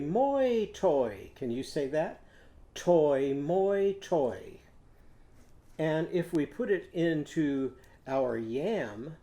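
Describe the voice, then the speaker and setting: An older man, a teacher, leading a children's phonics lesson in a gentle, patient way and prompting the kids to repeat after him. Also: mid-range voice.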